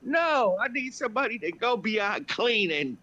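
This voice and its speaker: A woman's voice: fairly high pitch, very animated, measured pace, sharp tone. A woman talking casually and venting, blunt and heavy on the profanity. The recording sounds dull and lo-fi. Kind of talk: casual chat.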